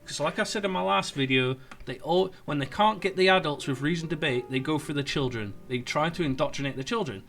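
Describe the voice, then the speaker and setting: A man's voice: on the high side, fairly quick, hardly any pauses, a bit bright, soft background music. A man ranting sarcastically in an online commentary video, with stumbling restarts. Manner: sarcastic, mocking, rambling. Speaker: political commentator.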